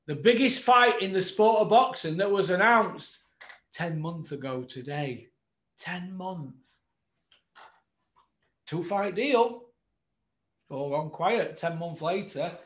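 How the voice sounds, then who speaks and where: A man hosting a boxing channel, ranting with sarcastic rhetorical questions and swinging between low mutters and shouts. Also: slow, long pauses. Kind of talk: ranting commentary to camera. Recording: roomy echo.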